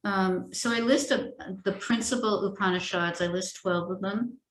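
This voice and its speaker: A middle-aged woman giving an informal spiritual teaching, explaining gently and haltingly with many pauses and self-corrections. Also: mid-range voice, slight background noise. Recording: roomy echo.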